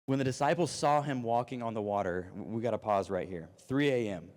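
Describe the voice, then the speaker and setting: A man in his thirties preaching an animated, storytelling youth sermon. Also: lowish voice, brisk. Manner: animated storytelling, acts out voices. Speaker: youth pastor. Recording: long reverb of a hall.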